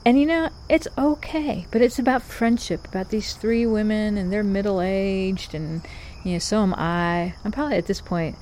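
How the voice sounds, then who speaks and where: A woman's voice: mid-range voice, moderate pace, darkish tone, a little hiss or hum. A woman, hosting a podcast as a rambling, chatty monologue full of restarts and asides. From North Carolina. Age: 50s. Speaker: podcast host. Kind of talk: casual monologue.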